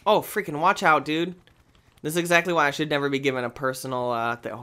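A man hosting a gaming video, talking through his play in an excitable, exclamatory, rambling way. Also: a little high, fast talker. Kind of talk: let's play commentary.

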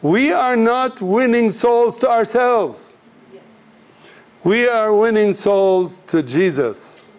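Earnest, fairly high-voiced male teacher. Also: slow pace. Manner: storytelling, acts out voices in anecdotes; earnest, direct to students. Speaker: missions teacher. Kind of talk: classroom teaching talk.

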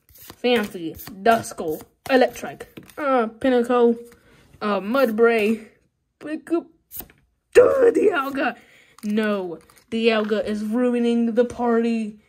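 A woman chatting casually as she opens trading card packs, excitable and pleading with the cards. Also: on the high side, slow pace. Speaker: card-opening vlogger. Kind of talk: casual pack-opening commentary. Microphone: phone. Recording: loud wrapper crinkling and tearing noise. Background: crinkling, tearing foil packs.

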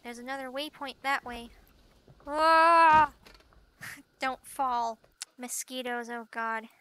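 Woman, high voice, unhurried, excitable gameplay chatter. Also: a little hiss or hum. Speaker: gameplay channel host. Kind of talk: casual game commentary. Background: game music.

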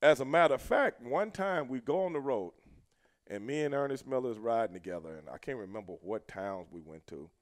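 A middle-aged American man telling a road story casually, cursing a lot and shouting out the lines he quotes. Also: mid-range voice, a little fast. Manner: profane, animated, shouts when quoting himself.

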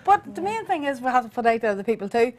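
A woman, a guest mother telling lively anecdotes about her son in a casual chat. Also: fairly high pitch, very fast, slight background noise. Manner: storytelling, acts out her son's lines. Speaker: guest, mother of an autistic boy.

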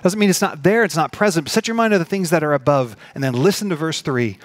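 A man preaching a sermon as pastor, earnest, rising to emphatic peaks and easing into slow, soft pauses. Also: fairly high pitch, dry recording.

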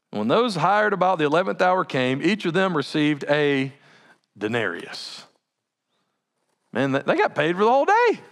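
A male pastor preaching a sermon in an animated, conversational way with laughing asides. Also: high voice.

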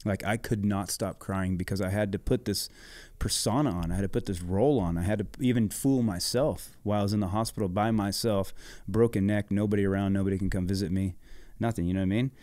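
A man's voice: lowish voice, quick pace, few pauses, a little mellow, no echo. A middle-aged man telling a story in casual podcast chat, laid-back and swearing freely. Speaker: podcast guest, former motocross racer.

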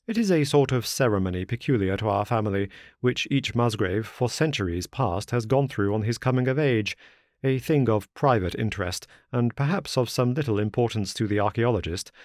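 A man narrating a classic detective story as an audiobook, in a measured storytelling manner. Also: lowish voice, expressive, darkish tone, no room sound, clean studio sound. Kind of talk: scripted narration.

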